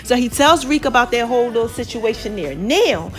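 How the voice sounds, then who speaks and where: High-voiced chatty woman recapping a show. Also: fairly quick, soft background music. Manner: chatty, animated, acts out the characters' lines. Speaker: podcast host. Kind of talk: casual TV episode recap.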